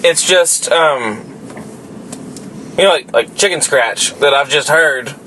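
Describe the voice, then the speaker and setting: A man's voice: fairly high pitch, takes it slowly, sharp tone, a little hiss or hum, rough recording. A young man with a Southern US accent co-hosting a podcast in casual chat, rambling and profane, often trailing off and restarting. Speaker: podcast co-host.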